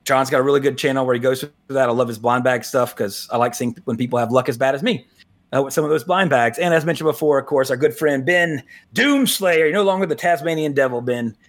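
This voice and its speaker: A man's voice: medium pitch, fast. A man in his forties hosting a casual podcast, rambling loosely, with frequent chuckles and restarts. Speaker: podcast host.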